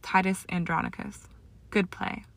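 A haughty young wizard with a cool, scornful edge, clipped and dismissive in every reply, as a woman reading a story puts him on. The voice sits low with a gravelly fry and sounds close and dry. It is a storybook reading rather than full-blown acting. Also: fairly even intonation, measured pace, fairly bright tone, dry recording. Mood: curt. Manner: curt and dismissive.

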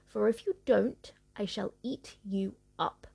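A woman's voice: mid-range voice, takes it slowly, creaky, a little mellow, breathy edge, exaggerated voice. A woman voicing a cunning, menacing old witch in a storybook reading, speaking in commanding threats.

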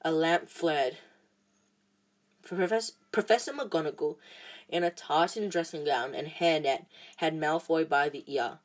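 A woman reading a novel aloud chapter by chapter, halting often with restarts and fillers. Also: low-pitched. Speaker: storybook reader.

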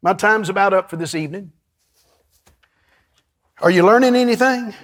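Casting: preacher, high-pitched man, animated storytelling sermon with call-and-response. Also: moderate pace. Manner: lively, storytelling, calls to the congregation. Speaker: pastor. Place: church before a congregation.

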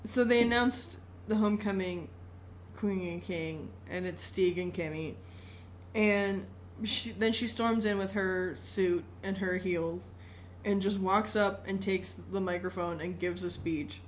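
A woman co-hosting a podcast, animated and laughing as she recaps a movie in casual chat, swearing freely along the way. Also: mid-range voice, measured pace, slight background noise. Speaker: podcast co-host.

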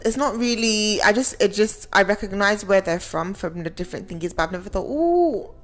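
A woman's voice: mid-range voice, fairly even intonation, a little fast, soft background music. A young woman born in the UK who lived in Nigeria for a while, co-hosting a podcast in casual chat, hesitant and rambling with frequent laughs. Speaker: podcast co-host.

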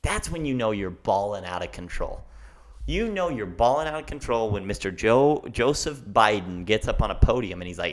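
Rambling, excitable young man podcasting. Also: lowish voice. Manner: rambling, excitable, self-described fast talker. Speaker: podcast host. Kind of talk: casual solo podcast rant.

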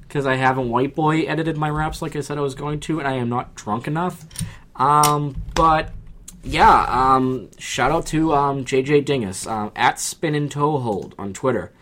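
A man's voice: a little high, a little slow, pushed and bright. A man, co-hosting a podcast in casual chat, joking and rambling with crude humor. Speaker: podcast co-host.

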